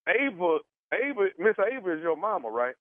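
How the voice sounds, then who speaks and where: A man making a prank phone call for a radio show, halting and stammering with many fillers. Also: high voice, very animated, no echo. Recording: dry tinny phone line.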